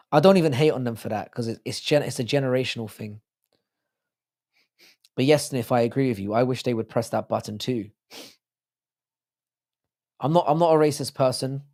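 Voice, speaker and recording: A British man with a hoarse, sore throat, hosting a livestream in casual, crude joking banter while reading out viewer comments. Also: medium pitch, darkish tone. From United Kingdom. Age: adult with a child. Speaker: livestream host.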